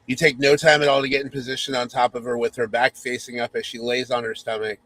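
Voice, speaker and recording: A man's voice: medium pitch, flat delivery, quick pace, a bit bright, poor audio. Mock-sultry male storyteller. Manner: mock-sultry narration with teasing asides. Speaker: podcast host. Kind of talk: comedic reading of a spoof romance story.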